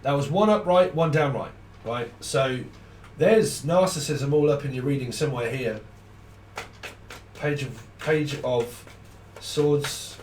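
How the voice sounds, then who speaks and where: A man's voice: mid-range voice, slow pace, long pauses, a little mellow, recorded from a distance, slight background noise. A man giving a casual, rambling tarot reading, swearing freely and laughing often. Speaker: tarot reader. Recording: roomy sound from off the mic.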